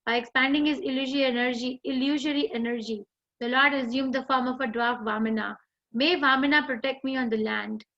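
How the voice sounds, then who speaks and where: A woman with an Indian English accent, teaching an online class and reading scripture in a measured, deliberate way. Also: high voice, fairly even intonation, fairly bright tone. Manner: measured, deliberate recitation with chanted mantras. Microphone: video call. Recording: dull lo-fi online call audio.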